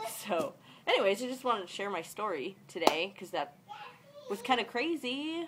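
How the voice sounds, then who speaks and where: A woman's voice: medium pitch, lively intonation, normal speed, heavy background noise. A young woman vlogging, telling a work story in a chatty, dramatic way and acting out the people in it. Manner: chatty, dramatic retelling with quoted voices. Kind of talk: casual storytelling vlog.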